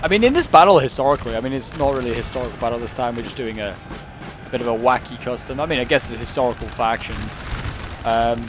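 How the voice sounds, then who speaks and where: A man casually commentating a strategy-game battle, chatty and excitable with lots of fillers. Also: mid-range voice, fast talker, noisy background. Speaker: gameplay commentator. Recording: loud gunfire and artillery from the game. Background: battle sounds, cannon and musket fire.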